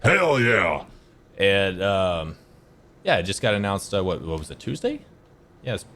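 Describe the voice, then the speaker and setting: A man's voice: deep voice, very animated, normal speed, fairly bright tone, a little hiss or hum. A man giving casual gameplay commentary as a streamer, rambling and correcting himself as he tells stories, laid-back with some swearing. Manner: rambling, self-correcting storyteller. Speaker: gaming streamer.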